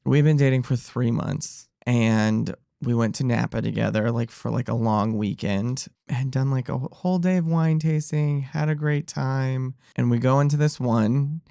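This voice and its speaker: A man from the Kansas City suburbs tells his side of a story, rambling with lots of fillers. His voice is gravelly at a middle pitch for a man. The sound is dry and close. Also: moderate pace, few pauses, dark tone, no echo. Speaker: guest, husband. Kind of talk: casual storytelling.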